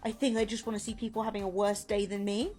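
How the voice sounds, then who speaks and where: A woman's voice: mid-range voice, flat delivery, fast, darkish tone, faint music behind. A woman streamer chatting casually and retelling a story in a rambling, playful way, full of "like" fillers.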